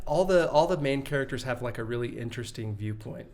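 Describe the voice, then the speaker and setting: A man co-hosting a podcast, talking casually and animatedly about a film, quick to laugh. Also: medium pitch, expressive, darkish tone. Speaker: podcast co-host.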